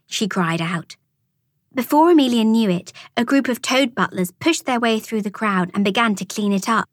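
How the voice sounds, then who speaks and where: A woman reading a children's storybook aloud as an audiobook narrator, with expressive storytelling. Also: medium pitch, normal speed, no echo, clean studio sound. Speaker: audiobook reader.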